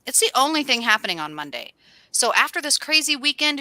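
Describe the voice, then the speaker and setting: A middle-aged woman co-hosting a casual astrology chat, playful and jokey, breaking into sudden animated bursts. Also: high-pitched, a little fast, no room sound. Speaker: co-host.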